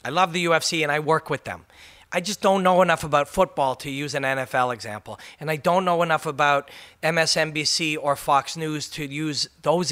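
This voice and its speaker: A man's voice: fairly high pitch, sharp tone. Fired-up, cursing MMA commentator man. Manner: passionate, profane, emphatic. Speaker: MMA commentator and video host. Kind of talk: ranting commentary monologue.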